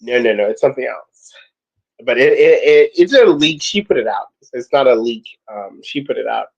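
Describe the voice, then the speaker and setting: A man hosting a casual chat show, animated and playful, often laughing and swooping up into high squeals. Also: normal speed, gravelly, highs cut off. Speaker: podcast host.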